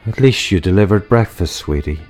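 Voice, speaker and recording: A man's voice: low voice, lively intonation, brisk, darkish tone, soft background music. A man voicing a seductive female vampire housewife, purring and sultry. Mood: hungry.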